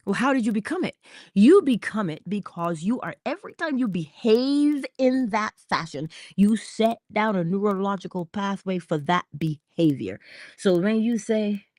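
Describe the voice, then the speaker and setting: A woman's voice: mid-range voice, darkish tone, no room sound, studio quality. A woman giving a motivational talk in a playful, theatrical manner. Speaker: inspirational speaker.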